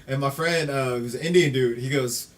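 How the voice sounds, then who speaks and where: A man's voice: medium pitch, far from the mic. A man co-hosting a casual podcast chat, laughing easily and restarting his sentences as he talks. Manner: laughs easily, self-conscious, halting restarts. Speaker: podcast co-host.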